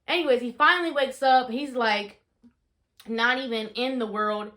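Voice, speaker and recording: A woman's voice: on the high side, normal speed. Chatty young woman telling a story. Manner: chatty, animated, lots of fillers, rises to shouting in re-enactments. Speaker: vlogger. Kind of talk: casual storytelling vlog.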